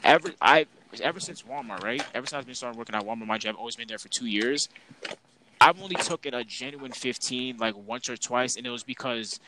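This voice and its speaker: A man's voice: mid-range voice, a little fast, background noise. A young man co-hosting a casual podcast, ranting in an exasperated, slang-heavy way about his coworkers. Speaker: podcast co-host.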